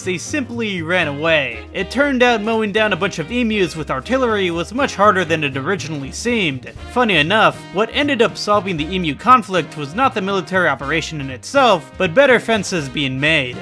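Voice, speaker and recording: A man's voice: high-pitched, animated, normal speed, few pauses, sharp tone. A man narrating a scripted history video, dropping wry, sarcastic asides between the facts. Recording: faint music behind.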